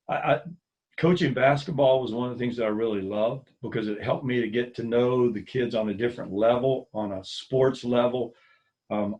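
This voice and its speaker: A man's voice: medium pitch, rough recording. A middle-aged man from the US mainland, a former school ministry coordinator, telling stories in a casual interview over a video call and acting out the voices of the people he quotes. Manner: animated storyteller who acts out quoted dialogue with a lifted voice.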